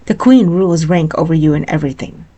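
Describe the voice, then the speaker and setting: A woman voicing a devoted young male royal guard in a storybook reading, speaking softly and earnestly. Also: sits low, fast. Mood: stern.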